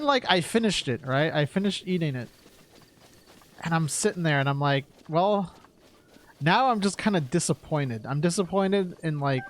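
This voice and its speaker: A man's voice: fairly high pitch, a little hiss or hum. A man from New York chatting casually while streaming, rambling with lots of "like" and "right?" and frequent laughs.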